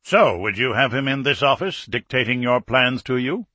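Guy doing a grim old soviet marshal, pressing and urgent, crisp bright tone. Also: mid-range voice, animated, moderate pace, dry recording. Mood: grave, urgent. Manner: grave, urgent, raised insistent delivery. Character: stern senior Soviet army marshal, older man. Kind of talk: audiobook character reading.

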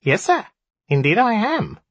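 A man voicing a proud little male imp guarding a door, with a squeaky, nasal, polite voice. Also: huge pitch swings, a little slow, fairly bright tone, slightly rough, no room sound, exaggerated voice. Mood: prim squeak. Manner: polite, dutiful, nervous.

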